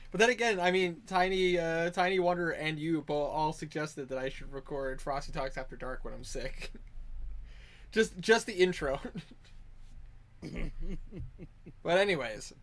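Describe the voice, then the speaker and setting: Chatty game master man, a bit high. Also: moderate pace, hardly any pauses, a bit bright. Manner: laughs often, restarts mid-phrase. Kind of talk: casual chat and recap narration of a tabletop game. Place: online voice call.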